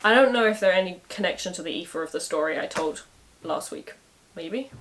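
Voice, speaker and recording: A woman's voice: lowish voice, expressive, brisk, a bit bright, a little hiss or hum. A woman retelling a medieval saga in a casual way, with wry, sarcastic asides. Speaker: storyteller.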